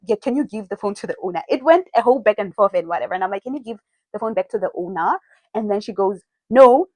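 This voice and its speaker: A young woman telling a casual storytime vlog, animated and blunt, acting out the people in her story with lots of "like" and some swearing. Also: medium pitch, dry recording, low-quality recording. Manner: animated, quotes people in dialogue, frequent "like" and swearing. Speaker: storytime vlogger.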